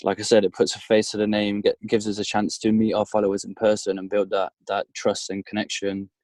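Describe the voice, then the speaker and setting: A man's voice: fairly low pitch, monotone, brisk, darkish tone, no room sound. Hesitant man shivering in a car. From United Kingdom. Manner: hesitant, modest, many ums. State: shivering from cold. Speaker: artist guest. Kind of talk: casual interview answers. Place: parked car.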